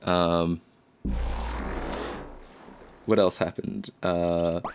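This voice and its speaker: A man's voice: low voice, flat delivery, drawn-out words, vocal fry, background noise. Rambling streamer man from Australia. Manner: rambling, reads chat aloud and answers it. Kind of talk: casual live-stream chat.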